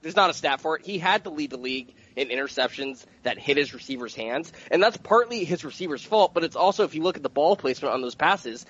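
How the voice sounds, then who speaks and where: Quick-talking male panelist, numbers-driven, muffled remote line. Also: on the high side, lively intonation, a bit bright, slightly rough. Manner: rapid, stat-heavy. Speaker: podcast panelist. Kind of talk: casual sports podcast chat. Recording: lo-fi remote audio.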